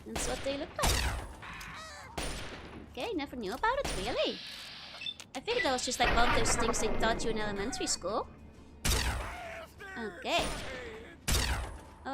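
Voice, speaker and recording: A woman streaming a video game, chatting casually and giggling often as she rambles about trivia. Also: a little high. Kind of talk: casual live-stream commentary.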